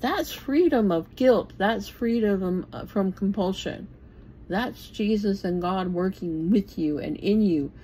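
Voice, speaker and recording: Casting: woman in her sixties, unhurried Bible teacher, blunt and plainspoken, faint hiss behind her. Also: mid-range voice, mellow, rough recording. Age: 60s. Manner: blunt and plainspoken, swears casually. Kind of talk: informal bible talk.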